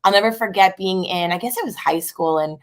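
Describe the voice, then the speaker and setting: A middle-aged woman, a guest on a talk show, telling family stories in a bubbly, fast, chatty way full of fillers and laughs. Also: medium pitch. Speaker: guest, marketing expert and author. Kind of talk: casual storytelling chat.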